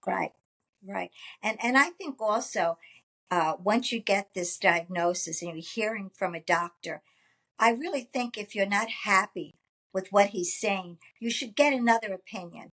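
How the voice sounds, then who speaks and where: A woman co-hosting a podcast in casual chat, agreeable and quick to back up her partner. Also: mid-range voice. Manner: agreeable, gives steady backing replies. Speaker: podcast co-host.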